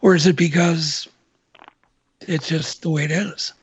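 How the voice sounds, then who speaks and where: A man's voice: fairly high pitch, steady tone, unhurried, husky, highs cut off. A male co-host asking a radio guest curious questions.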